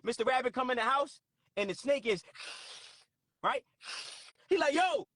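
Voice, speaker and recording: Male stream host, cursing, forceful, very high voice, dry close sound. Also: normal speed, no room sound. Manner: profane, forceful, preachy. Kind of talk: live stream talk with callers.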